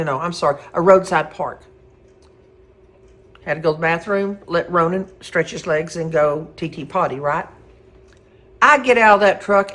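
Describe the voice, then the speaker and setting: A middle-aged woman, telling a personal story in a folksy, animated way and acting out the quotes. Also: mid-range voice. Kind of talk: casual spoken storytelling.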